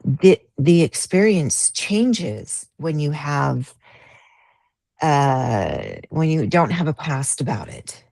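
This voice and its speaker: A woman's voice: low voice, expressive, slow, gravelly, a little mellow, dry recording. A woman in a casual spiritual group discussion, reflective and meandering, laughing easily, on a video call.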